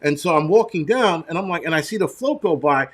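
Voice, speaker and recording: A man's voice: fairly high pitch, lively intonation, a little fast, a bit bright. A middle-aged man hosting a casual livestream, answering viewers in a blunt, profane, rambling way. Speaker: channel host.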